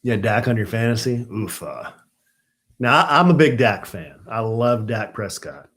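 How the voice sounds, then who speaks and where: A man's voice: lively intonation, moderate pace, fairly bright tone. A middle-aged man hosting a casual live stream from home, chatting with viewers and ranting in exasperation. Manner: chatty, turns exasperated and high-pitched when ranting.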